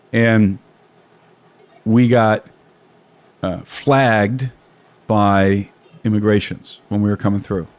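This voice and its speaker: An American man from the United States tells a long personal story in casual conversation, often restarting and repeating words. His voice is on the low side with a darkish tone, and there's no echo.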